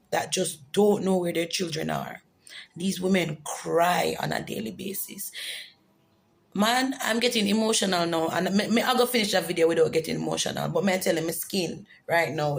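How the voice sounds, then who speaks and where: Gravelly woman, earnest vlog testimony. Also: on the low side, low-quality recording. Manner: earnest, emotional, insistent. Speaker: vlogger. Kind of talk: personal testimony to camera.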